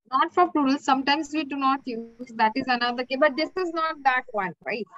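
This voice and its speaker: A woman student in a language class who raises points haltingly and asks for confirmation. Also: sits high, fairly bright tone, dry recording. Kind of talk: questions in a live class. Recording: dull, dry, lo-fi sound.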